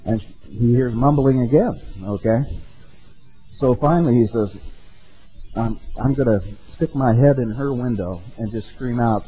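A man's voice: mid-range voice, a little slow, dark tone, husky, poor audio. A man preaching a sermon in a conversational way, often checking in with his listeners with "okay?" and "right?". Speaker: pastor.

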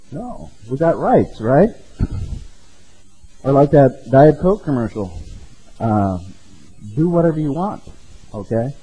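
A man's voice: medium pitch, warm tone, breathy edge, rough recording. A man preaching a sermon in a conversational way, often checking in with his listeners with "okay?" and "right?". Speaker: pastor.

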